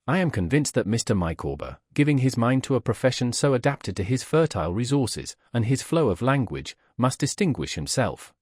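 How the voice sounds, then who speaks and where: A man's voice: medium pitch, very animated, brisk, few pauses, a little mellow, slightly rough, no echo, studio quality. A man reading as a pompous insistent wife. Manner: grand, formal and emphatic. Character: pompous, insistent middle-aged wife, female.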